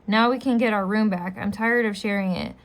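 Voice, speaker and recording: A woman's voice: mid-range voice, fairly even intonation, a little fast, gravelly, natural voice. Rude spoiled kid whining about his room, read by a woman. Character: rude loud boy, spoiled.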